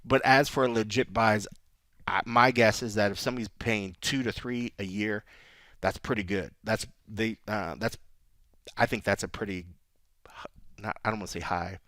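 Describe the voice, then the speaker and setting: A man's voice: on the low side, fairly even intonation, normal speed, fairly bright tone, no room sound. A man co-hosting a podcast, talking casually in rambling sentences and laughing often. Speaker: podcast co-host. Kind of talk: casual chat.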